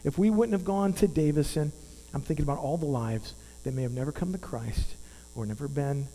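A man in his fifties delivers a sermon in an earnest, conversational way, often putting questions to his listeners. His voice sits a little high but sounds mellow. It rings through a large hall over a faint mains hum. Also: a little fast. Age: 50s. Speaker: preacher.

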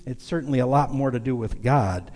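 Mellow-voiced man preaching folksy sermon. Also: mid-range voice, brisk, big-room sound. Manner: folksy, conversational, confessional preaching. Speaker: pastor. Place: church sanctuary.

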